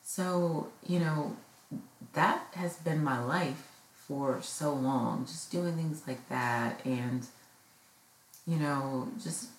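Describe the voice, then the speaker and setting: A middle-aged mother from the United States, hosting a podcast and musing at length about her children growing up, with many fillers along the way. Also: very deep voice. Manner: heartfelt, rambling with many fillers. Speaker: podcast host. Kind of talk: personal reflective monologue. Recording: echoey room with faint noise.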